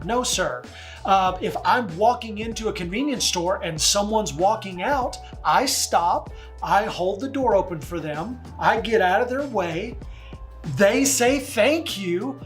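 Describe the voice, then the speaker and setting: A man's voice: high-pitched, animated, unhurried, soft background music. A man working as a real estate agent, talking in a chatty, folksy vlog manner with slangy asides. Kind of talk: casual vlog.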